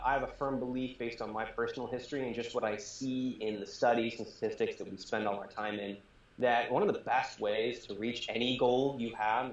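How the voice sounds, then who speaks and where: A man, a startup founder, explaining his work earnestly as a guest in a casual interview. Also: mid-range voice. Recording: roomy, dull remote audio.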